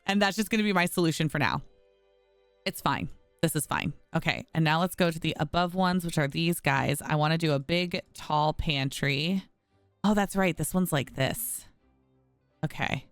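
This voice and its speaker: Her voice is low-pitched at a moderate pace, with no room sound and faint music in the background. This gaming streamer talks casually through a home-building game, often frustrated, chatting to viewers she calls y'all.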